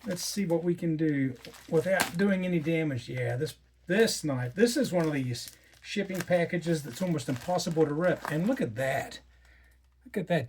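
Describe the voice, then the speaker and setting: A man's voice: fairly high pitch, background noise. A man giving casual unboxing commentary as a coin collector, chatty and amazed, muttering asides as he works.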